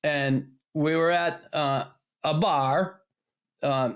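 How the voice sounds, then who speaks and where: A man's voice: a little high, fairly even intonation, very slow, clean tone. Older man spinning profane stories. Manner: profane, laughing anecdote-telling. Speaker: podcast host. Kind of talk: casual storytelling chat.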